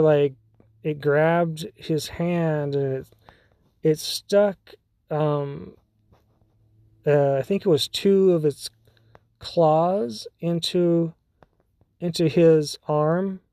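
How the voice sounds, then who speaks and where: A man's voice: on the high side, warm tone, no echo, clean studio sound. A man hosting a podcast, telling a story in a casual, rambling way with many fillers and restarts. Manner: rambling, full of fillers and restarts, laughs often. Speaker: podcast host.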